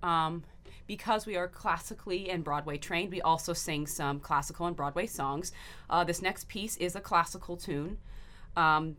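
A woman's voice: fairly low pitch, fairly bright tone. A woman singer guesting on a community radio show, talking hesitantly with many restarts and fillers. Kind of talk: casual radio interview. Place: radio studio.

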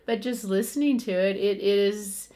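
A woman's voice: medium pitch, fairly even intonation, a little slow, warm tone. Easygoing woman in chat. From United States. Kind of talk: casual chat.

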